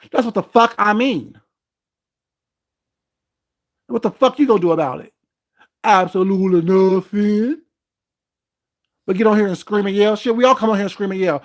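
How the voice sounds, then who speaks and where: Heated, profane man ranting on his vlog. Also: sits high. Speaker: vlogger host. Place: at home.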